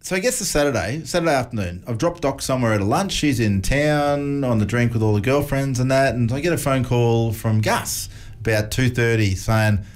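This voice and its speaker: A man's voice: mid-range voice, fairly quick. An Australian man in his forties, co-hosting a casual radio show and telling stories with frequent laughs. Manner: storytelling, laughs often, animated retelling. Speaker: radio co-host. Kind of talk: casual breakfast radio chat.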